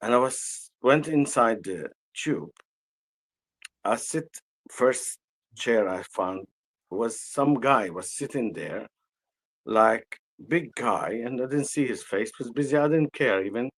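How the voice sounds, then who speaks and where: Slow husky man with an Arabic accent. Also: mid-range voice, animated, a bit bright, poor audio. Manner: slow, halting, with frequent restarts. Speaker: energy healer guest. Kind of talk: personal storytelling in conversation.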